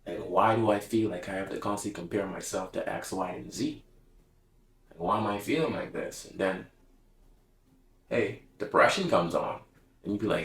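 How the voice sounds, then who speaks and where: A man's voice: on the low side, moderate pace, reverberant, poor audio. A man speaking casually to camera in a reflective, heartfelt monologue, slangy and open. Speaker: vlogger.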